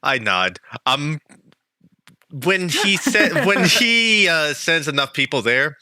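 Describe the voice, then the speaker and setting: A man's voice: on the high side, big pitch swings, slow pace, pushed and bright. A man playing a tabletop game who gleefully describes his character's plans and keeps giggling. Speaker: player.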